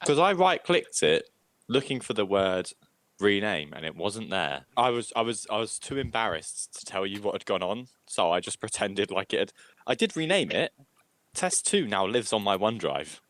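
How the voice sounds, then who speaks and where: A man with a fairly low voice that swings widely as he talks. He tells animated, self-mocking stories, peppered with swearing. The sound is close and dry. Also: moderate pace, no room sound. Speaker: podcast co-host. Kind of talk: casual chat.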